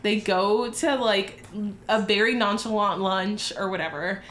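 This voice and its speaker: A woman co-hosting a casual chat show, telling a story in a brash, profane, animated way. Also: medium pitch, measured pace, roomy sound. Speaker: podcast co-host.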